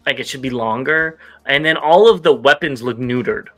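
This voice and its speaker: A man co-hosting a casual toy news show, running through items with quick, relaxed asides. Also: mid-range voice, faint music behind. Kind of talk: casual chat.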